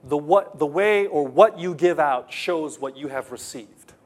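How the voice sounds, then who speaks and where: A man's voice: a little high, unhurried. A male pastor preaching a sermon in an earnest way, often putting questions to the congregation and repeating key phrases.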